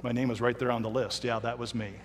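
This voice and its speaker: A middle-aged man, a pastor, telling a personal story in a sermon with emphatic, dramatic pauses and slowdowns. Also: mid-range voice, little pitch movement. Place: church sanctuary. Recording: reverberant hall.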